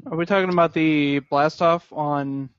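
Guy on toy podcast, a bit hesitant, dry humor, slightly high voice, dead dry muffled mic. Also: steady tone, normal speed, clear, resonant tone, dry recording. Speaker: podcast co-host. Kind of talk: casual toy collector chat.

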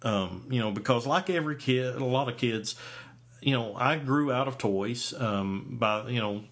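A man's voice: mid-range voice, normal speed, a bit bright. A man in his forties, a podcast host, telling a story in casual chat, rambling with many fillers and restarts. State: hiccups.

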